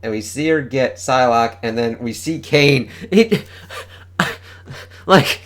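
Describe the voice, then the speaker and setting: An excitable man chatting through a comic issue, his pitch bouncing all over. He swears freely and gets carried away by the pages. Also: slow. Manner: enthusiastic, swears often, reads panel dialogue aloud. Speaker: comic book reviewer. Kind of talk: casual comic review.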